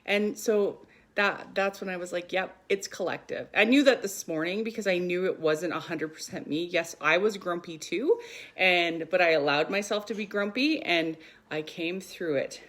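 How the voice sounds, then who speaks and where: A woman's voice: on the low side, normal speed, a bit bright. Chatty woman spiritual coach on a live stream. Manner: chatty, upbeat, spiritual talk, reads viewer comments aloud. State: short of breath. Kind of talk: casual live-stream chat.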